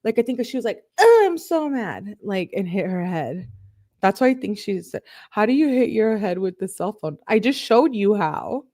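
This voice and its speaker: A woman with a middle-pitched voice reads a stream of text messages aloud, switching between the two texters with plain "he says" and "she says" tags. She cuts in with dry, sarcastic comments and quick laughs in a loose, chatty way. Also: expressive, darkish tone, no room sound. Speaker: true crime YouTuber.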